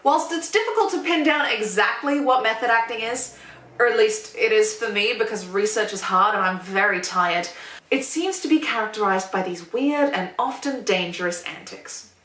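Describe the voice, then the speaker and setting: A sardonic woman with a bright, somewhat high voice carries a sarcastic opinion monologue, dropping swear words and deadpan asides. The mic sits a little far off in an echoey room. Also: moderate pace. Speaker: YouTuber.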